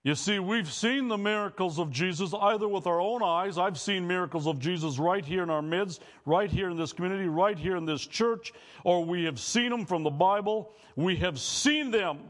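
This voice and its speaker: A male pastor preaches a sermon in church, speaking straight to the congregation, questioning them, and drawing call-and-response. His voice sits high and his pace is moderate.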